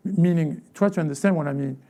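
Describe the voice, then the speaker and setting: A man's voice: a little high, quick pace, warm tone. A man preaching a sermon as pastor. He keeps asking the congregation questions, acts out little quoted voices, and often repeats words or restarts phrases. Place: church sanctuary.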